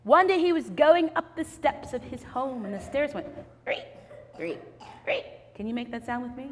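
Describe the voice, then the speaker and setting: A woman telling a children's story to a live audience, playful and animated, getting the kids to join in. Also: high-pitched, moderate pace, long reverb tail, noisy background.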